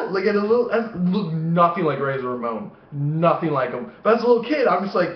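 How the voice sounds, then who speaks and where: Young adult man, profane rambling storyteller, animated delivery, fairly high voice, dull echoey home recording. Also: normal speed. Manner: heavy swearing, animated acting-out of voices. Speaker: vlogger. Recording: echoey room, dull lo-fi sound.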